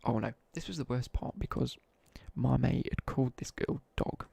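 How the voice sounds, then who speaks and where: Young guy streaming, gravelly and dark-toned, rambling story between game asides, dry close mic. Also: mid-range voice, moderate pace, no room sound. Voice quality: gravelly, husky. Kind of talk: casual chat while gaming.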